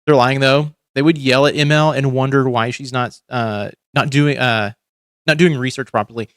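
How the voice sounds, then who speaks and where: A man's voice: medium pitch, fairly even intonation, normal speed, fairly bright tone, dry recording, studio quality. A man hosting a livestream, ranting in casual commentary with heavy swearing and frequent restarts. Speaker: livestream host.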